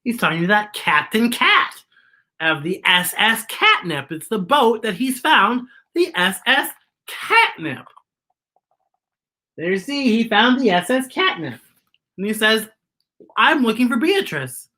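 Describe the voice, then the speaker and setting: A woman's voice: mid-range voice, big pitch swings, slow pace, sharp tone. A woman reading a picture book aloud to children, with chatty asides about the illustrations. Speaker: children's story reader.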